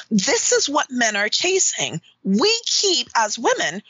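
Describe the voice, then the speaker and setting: A high, bright woman's voice that swoops up and down as she talks. She is blunt, emphatic and freely profane, an outspoken dominatrix making her case in an interview. The sound is close and dry, with no room in it. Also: husky, dry recording, rough recording. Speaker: dominatrix guest. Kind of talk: candid interview talk.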